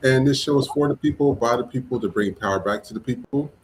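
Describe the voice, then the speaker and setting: A man hosting a live podcast, opening the show with energetic greetings and shout-outs to supporters. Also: medium pitch, fast, a little hiss or hum. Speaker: podcast host.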